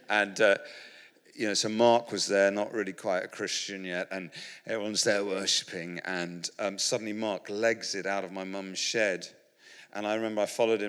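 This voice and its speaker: A man's voice: on the low side, a bit bright. A British man preaching in a humorous storytelling style, rambling and self-mocking with many restarts, to an audience in a large hall. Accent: British English. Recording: reverberant hall.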